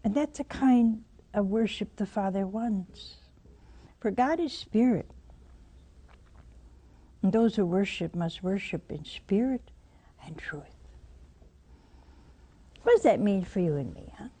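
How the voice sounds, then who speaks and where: A woman's voice: medium pitch, measured pace, long pauses, warm tone, slightly rough. A woman preaching a sermon, telling a Bible story and putting rhetorical questions to her listeners.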